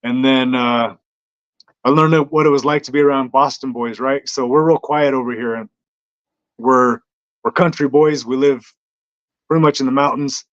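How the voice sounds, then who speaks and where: Male fighter guest, relaxed storyteller, halting and easygoing, muffled lo-fi audio. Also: mid-range voice. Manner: easygoing, hesitant, lots of ums. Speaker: bare knuckle fighter, guest. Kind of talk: casual interview storytelling. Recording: dull lo-fi sound.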